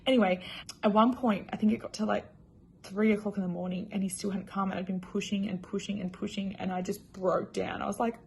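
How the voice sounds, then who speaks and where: Chatty young woman with a gravelly edge. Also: medium pitch, little pitch movement, a little fast, slight background noise. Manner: chatty, filler-heavy, emotional. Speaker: new mother. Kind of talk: casual personal storytelling.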